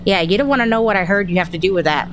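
A woman talks her way through a horror game, musing out loud, reading items off the screen and jumping at every sound. Her voice sits in an ordinary middle range. A steady hum of background noise runs clearly under the recording. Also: mid-range voice, very fast. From Texas. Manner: chatty, thinks aloud, jumpy and easily startled. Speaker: gaming streamer. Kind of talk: horror game let's-play commentary.

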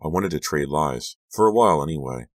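A man narrating a scary audiobook in a measured, hushed storytelling manner, lifting his voice for the dialogue. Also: very deep voice, lively intonation, dry recording, studio quality. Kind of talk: scripted narration.

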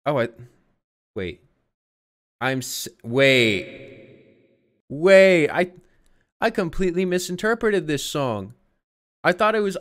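A young man streaming casual music reaction commentary, profane and incredulous, often breaking into loud outbursts. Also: fairly high pitch, expressive, a little slow, long pauses. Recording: song playing faintly behind.

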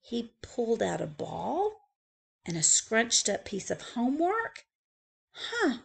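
A woman librarian reading a picture book aloud for young children. She takes it slowly and swings her pitch widely, with playful asides to the kids. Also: huge pitch swings, creaky, breathy edge. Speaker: school librarian.

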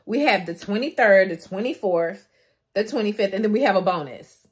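A young woman chatting to her viewers in a casual vlog, animated and laughing often, recorded on a phone. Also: medium pitch, normal speed, husky, no echo, studio quality. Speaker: beauty vlogger. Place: in a car, then outdoors at night in the cold.

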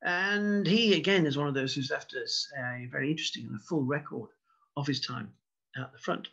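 A man lecturing on history, measured and wry, with a gravelly, husky voice. The sound is dull and lo-fi, as from a modest online broadcast. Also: fairly high pitch, sharp tone. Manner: measured, storytelling, wry asides. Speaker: local historian giving a talk. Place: indoors, online broadcast talk. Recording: dull lo-fi recording.

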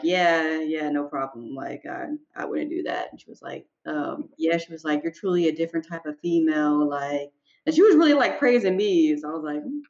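A woman co-hosting a podcast, telling her own story in relaxed, matter-of-fact casual chat. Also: low voice, dull audio. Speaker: podcast co-host.

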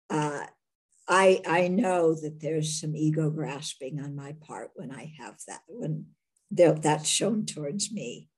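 A woman from the United States, a Buddhist nun, telling a story in a Q&A talk, thoughtful and halting with many restarts. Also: low-pitched, a little mellow, breathy edge.

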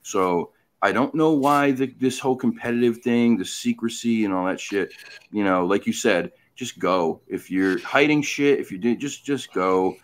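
A man hosting a podcast in casual chat, talking frankly and emphatically and often pausing with fillers. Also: lowish voice. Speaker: podcast host.

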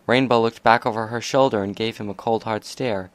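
A man narrating a fan fiction story aloud in a steady, even delivery. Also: lowish voice, a little fast, few pauses, no echo.

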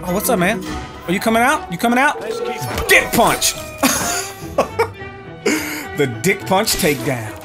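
A man's voice: high voice, big pitch swings, normal speed. A man giving brash, joking commentary while playing a video game, taunting enemies and talking to viewers. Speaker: gaming YouTuber. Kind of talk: profane gameplay commentary. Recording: music playing behind.

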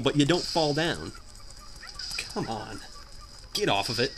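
A young man giving jokey, animated commentary while playing a hard video game, often shouting in frustration. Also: fairly high pitch, measured pace, long pauses, background noise. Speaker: gameplay commentator. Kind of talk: let's play commentary.

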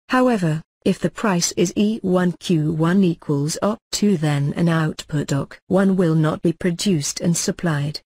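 A man reading economics lecture notes aloud as a lecturer, in a measured, formal textbook delivery. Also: sits high, darkish tone, breathy edge, no room sound.

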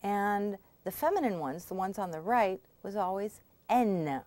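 A woman language instructor giving a scripted pronunciation lesson, explaining patiently and clearly and checking in often. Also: mid-range voice, moderate pace, darkish tone, no room sound.

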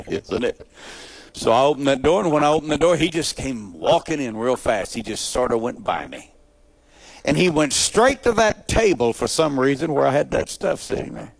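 A male evangelist with a gravelly voice tells his testimony as a sermon, with no room sound. He's a dramatic storyteller, swinging between loud, high emphasis and quiet, low asides.

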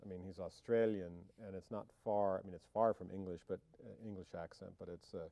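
A man's voice: low-pitched, fairly even intonation, brisk, gravelly, mellow, no echo. A man being interviewed about his acting, talking casually and wryly, joking and trailing off in fillers and restarts. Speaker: film actor interviewee.

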